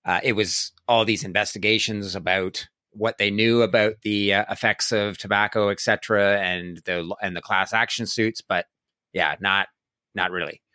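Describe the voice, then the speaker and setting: A man hosting a podcast, chatting in a relaxed, reflective way. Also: on the low side, moderate pace, no echo. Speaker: host. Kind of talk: casual conversation.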